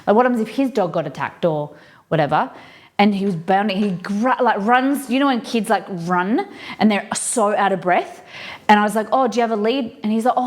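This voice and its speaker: A woman hosting a live cooking stream, chatting and rambling through stories with lots of fillers as she cooks. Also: a little high. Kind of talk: casual chat while cooking. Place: home kitchen.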